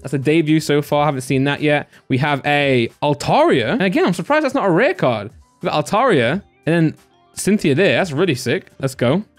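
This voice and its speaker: A man with a slightly high voice hosts a casual pack-opening video. He talks in an excitable, chatty way, full of small fillers, while soft music plays underneath. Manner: chatty and excitable, with many fillers like "like" and "you know". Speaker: card-opening channel host.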